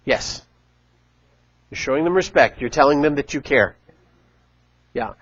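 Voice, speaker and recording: A middle-aged man giving a casual church talk, chatty and animated, acting out quotes as he tells stories. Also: medium pitch, a little slow, husky, no echo, highs cut off. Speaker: church teacher. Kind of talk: casual sermon.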